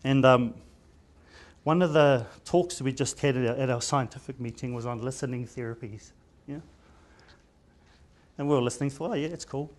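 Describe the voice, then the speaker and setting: Chatty New Zealand doctor telling stories. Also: male voice, mid-range voice. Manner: chatty storyteller with many restarts and stammers; mixes in Māori words. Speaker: general practitioner giving a seminar talk. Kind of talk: informal conference presentation.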